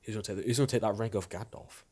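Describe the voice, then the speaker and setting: A man's voice: on the low side, fairly even intonation, racing, slightly rough. A man giving casual movie reaction commentary, chatting, laughing and swearing casually as he watches. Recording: loud film soundtrack playing behind.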